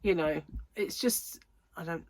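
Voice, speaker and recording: This crochet host speaks at a measured pace in a slightly low, congested voice, a little breathless as she chats to camera in a home room under lights. She giggles often while wandering through anecdotes, recorded close and dry without echo.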